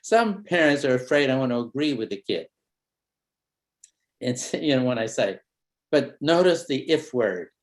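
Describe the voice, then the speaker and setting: Man talking through a parenting tip. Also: medium pitch. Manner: relaxed storytelling with role-played dialogue; pauses to build suspense. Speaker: family therapist. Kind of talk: parenting training talk.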